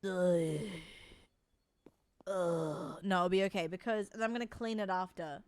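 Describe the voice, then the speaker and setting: A woman's voice: fairly low pitch, a little slow, clean tone, dry recording. A young woman streaming a game and commenting as she goes. She chats casually, with self-mocking humour and easy swearing.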